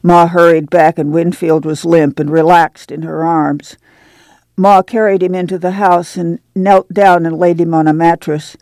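A woman reading a novel aloud on a radio book program in a measured storytelling way. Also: fairly low pitch, steady tone, a little mellow, dry recording. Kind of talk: scripted narration.

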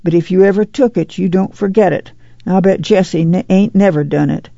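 Reader doing a fierce woman, bitter, hoarse, gravelly, dry dull sound. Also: mid-range voice, fairly quick, warm tone, dry recording, lightly acted. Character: fierce proud poor woman.

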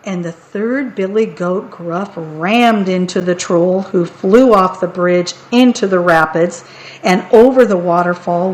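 A woman reading picture books aloud as a storyteller, in a playful, expressive way. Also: fairly low pitch, unhurried, low-quality recording. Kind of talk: picture book read-aloud.

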